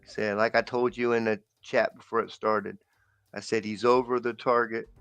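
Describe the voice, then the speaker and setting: Guy chatting on a livestream, smooth clean voice, dry close sound, faint music behind, rambling. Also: on the low side, level tone, moderate pace, a bit bright, dry recording, lo-fi sound. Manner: loose rambling with filler and slang. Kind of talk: casual livestream chat.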